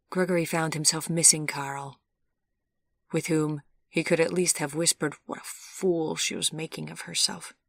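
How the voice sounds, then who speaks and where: Low-voiced woman narrating a story. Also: fairly bright tone, no room sound, studio quality. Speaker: audiobook narrator. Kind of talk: scripted narration.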